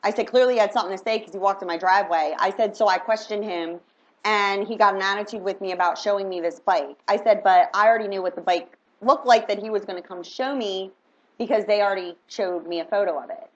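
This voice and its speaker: A middle-aged woman, a mother, telling a story in an indignant, animated casual rant, acting out her own lines and others'. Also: medium pitch, fast, dull audio.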